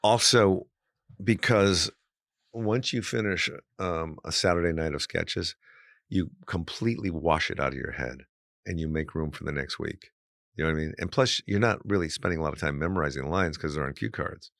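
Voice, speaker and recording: A man, a guest comedian, telling stories in a casual chat, animated and full of "you know"s. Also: low voice, moderate pace, vocal fry, no room sound, studio quality.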